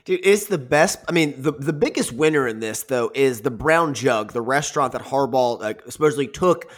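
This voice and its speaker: A man's voice: mid-range voice, lively intonation, moderate pace. A sports podcast co-host with a mid-range male voice. He chats in an easygoing way and mostly agrees with his partner. He fills his talk with casual slang. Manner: laid-back, agreeable chatter with "man" and "dude".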